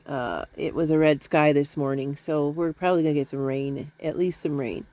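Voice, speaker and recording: A woman's voice: low-pitched, normal speed, hardly any pauses, darkish tone, no echo. A middle-aged woman talking to her viewers from home in a rambling, chatty, self-deprecating way. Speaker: vlogger. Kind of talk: casual chat to camera. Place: at home, indoors.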